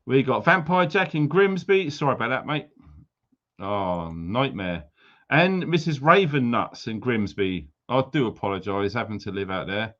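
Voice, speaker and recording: A man's voice: mid-range voice, expressive, moderate pace, a bit bright, muffled recording. A man hosting a casual livestream, greeting viewers with jokey, teasing banter. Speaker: livestream host.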